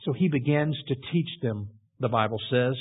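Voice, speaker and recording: A man preaching a sermon, retelling scripture in a storytelling way and building to loud emphasis. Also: medium pitch, moderate pace, breathy edge. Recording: tinny phone-like audio.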